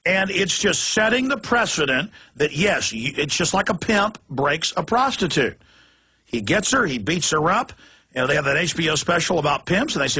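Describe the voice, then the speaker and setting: A man hosting a talk show, ranting passionately and rapidly. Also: on the high side, sing-song, sharp tone, husky. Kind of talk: heated political talk.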